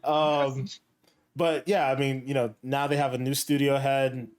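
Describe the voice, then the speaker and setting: A man hosts a gaming podcast in loose, casual chat. He rambles, restarts and leans on filler words. His voice sits in an average pitch range. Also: unhurried, crowd noise. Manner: relaxed, rambling, lots of fillers. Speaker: podcast host.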